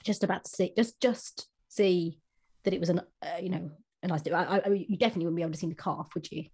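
Husky-voiced woman chatting about a book. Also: on the low side, quick pace, a little mellow. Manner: hesitant, lots of restarts. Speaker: book podcast co-host. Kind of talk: casual book discussion.

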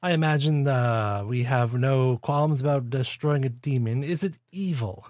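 A man's voice: mid-range voice, measured pace, a little mellow, no room sound, clean studio sound. A man playing a tabletop game and voicing his paladin with polite, courtly banter. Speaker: player. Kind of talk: in-character tabletop role-play.

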